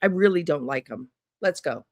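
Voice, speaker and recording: A woman's voice: low voice, animated, moderate pace, dry recording, clean studio sound. Angry swearing woman ranting to camera. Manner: heated, blunt, sarcastic, swears often. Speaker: true crime channel host. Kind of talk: angry profane rant to camera.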